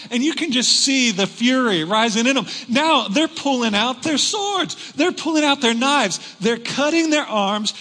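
A man preaching a sermon to a large congregation, retelling a story with dramatic swings between shouting and hushed tones. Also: very high-pitched, big-room sound. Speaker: pastor. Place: large church hall.

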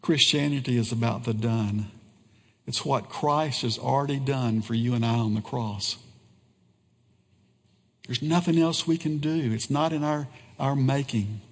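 Slow, earnest male preacher in a hall. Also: medium pitch, slightly rough. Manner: slow, earnest preaching with pauses and repeated phrases. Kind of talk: sermon.

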